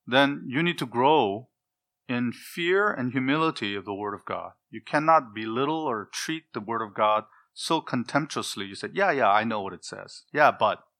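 A man delivers an expository sermon, explaining the text and then turning it into stern warnings. His voice is bright and forceful, and he climbs to emphatic peaks when he presses his point. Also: mid-range voice. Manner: forceful preaching, rising to emphatic rebukes. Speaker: preacher.

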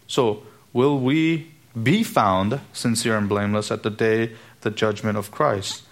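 A man's voice: fairly low pitch, a little slow. A man preaching a sermon to his church, emphatic and full of rhetorical questions. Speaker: pastor.

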